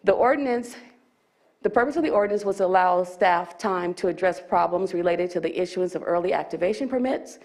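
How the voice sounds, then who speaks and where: A woman's voice: on the low side, brisk, darkish tone. A county staff woman presenting at a public board meeting, slightly out of breath, explaining ordinance rules and reading legal text aloud with small restarts.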